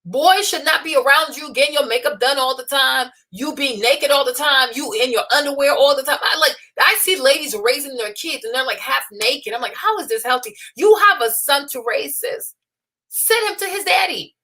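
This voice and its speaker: Young woman host, high bright voice, blunt scolding rants, mocks people she quotes. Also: normal speed. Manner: mocking put-on voices for quotes. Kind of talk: unscripted opinion livestream.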